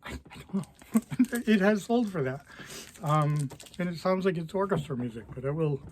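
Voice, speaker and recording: A record store owner walking through new arrivals in a casual, offhand way, quickly listing titles and prices. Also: male voice, fairly high pitch, animated, darkish tone, a little hiss or hum. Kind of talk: casual product walkthrough.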